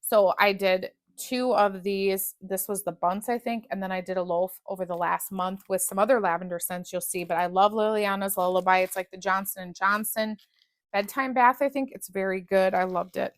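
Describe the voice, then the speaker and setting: A woman's voice: mid-range voice, steady tone, normal speed, dry recording. A woman talks casually about scented wax melts, gushing and restarting sentences as she goes. Her voice sits in the middle of the usual range, and the sound is dry and close. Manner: chatty, gushing, restarts often. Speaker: wax melt reviewer. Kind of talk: casual product review chat.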